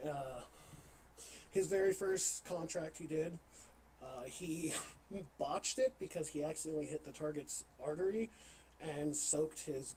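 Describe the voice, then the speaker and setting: A man talking as a podcast guest in casual chat, halting, with many fillers and restarts. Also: on the high side, mellow, slight background noise, rough recording. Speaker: interview guest, LARP player.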